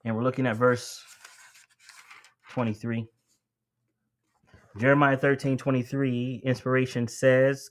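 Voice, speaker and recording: This man's sermon comes a little slow, with long pauses and little pitch movement in his mid-range voice. Calling the congregation beloved and friends, he builds to emphatic moments and then comes back down.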